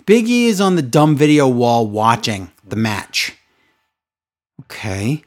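A man's voice: mid-range voice, sing-song, slow. A man co-hosting a casual podcast chat, ranting with sarcastic exasperation. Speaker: podcast co-host recapping wrestling.

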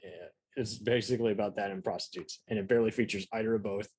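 A man's voice: on the low side, steady tone, quick pace, darkish tone, husky, no echo. A man co-hosting a casual film podcast, rambling and profane, laughing often. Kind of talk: casual chat.

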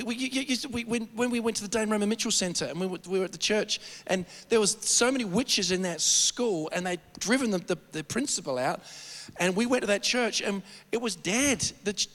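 A man preaching a sermon, telling stories in an animated, rambling way with many restarts. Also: sits high, in a large hall. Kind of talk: storytelling sermon.

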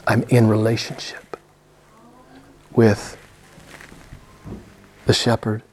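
A man's voice: fairly low pitch, level tone, drawn-out words, a little mellow, a little hiss or hum. A man preaching a sermon to a small group, emphatic, repeating his key phrases and asking rhetorical questions. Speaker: pastor.

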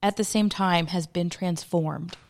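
A woman's voice: on the low side, fairly even intonation, unhurried. A woman co-hosting a podcast, chatting casually and laughing as she recaps a movie, swearing freely. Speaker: podcast co-host.

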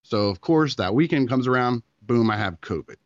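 A man's voice: medium pitch, animated, normal speed, no room sound, dull audio. A man in his thirties, a podcast co-host, telling a long story in casual chat and acting out the quotes.

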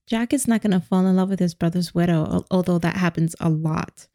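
A woman's voice: on the low side, brisk. A woman co-hosting a podcast, chatting casually and laughing often as she retells a movie. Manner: giggly, animated retelling. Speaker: podcast co-host. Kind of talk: casual chat recapping a movie.

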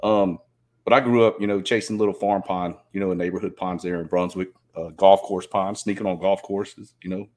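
Low-voiced man in his fifties. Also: steady tone, brisk, a little mellow. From Southeast Georgia. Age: 50s. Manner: rambling, many "you know" fillers. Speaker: podcast guest. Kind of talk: casual chat.

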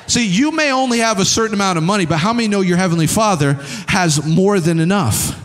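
Male pastor, high-pitched voice, emphatic sermon delivery in a reverberant church hall. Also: lively intonation, fast talker, hardly any pauses, a bit bright. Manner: emphatic, repetitive preaching with acted-out dialogues.

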